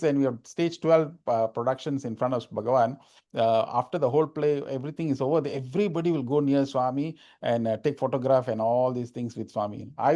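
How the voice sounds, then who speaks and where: A man's voice: mid-range voice, dark tone. A man giving an informal spiritual talk, repeating phrases for emphasis. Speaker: spiritual speaker.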